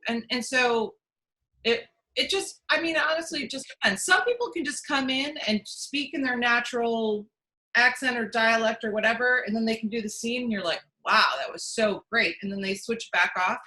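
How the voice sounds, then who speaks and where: Bright-voiced chatty woman. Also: fairly high pitch, normal speed, low-quality recording. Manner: chatty, with many restarts and fillers. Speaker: casting director. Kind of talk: casual interview answers. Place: at home.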